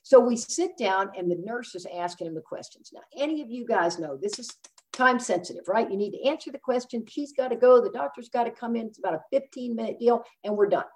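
A woman's voice: on the high side, fairly quick. A woman, telling a personal story to a recovery group and acting out the voices of the people in it. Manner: animated, acts out quoted voices. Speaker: speaker sharing at a recovery meeting.

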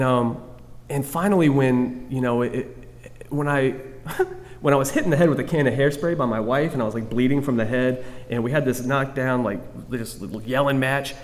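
A man's voice: medium pitch, moderate pace. A man sharing his recovery story candidly with a group, self-mocking and rambling, full of restarts. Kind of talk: candid personal testimony to a group. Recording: long reverb of a hall.

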